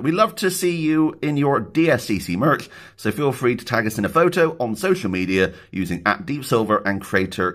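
Excitable man with a husky voice. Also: lowish voice. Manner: excitable, jokey, laughs often. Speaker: YouTuber unboxing a package. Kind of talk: casual unboxing vlog. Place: indoors, later outside in his back garden.

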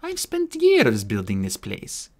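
A man voicing a young, ancient warrior woman with a soft Irish lilt, curt and dry in a storybook audiobook. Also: lowish voice, wildly swooping pitch, takes it slowly, breathy edge, exaggerated voice. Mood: wary. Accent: Irish, put on.

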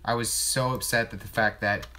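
A man's voice: lowish voice, steady tone, normal speed, over a noisy crowd. A man hosting a casual livestream, joking and mocking himself with lots of swearing while he cooks. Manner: profane, joking, self-mocking.

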